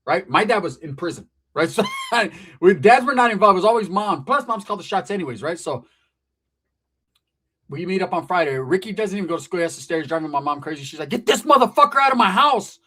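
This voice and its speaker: Fast-talking profane storytelling man. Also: high voice. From California. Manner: profane, animated, acts out voices. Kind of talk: comedic storytelling.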